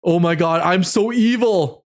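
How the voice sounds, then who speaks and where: A man's voice: high-pitched, a little slow. Giggly man reading an AI story. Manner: giggly, incredulous, breaks into laughter. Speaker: streamer. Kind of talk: casual reading of an AI story with commentary.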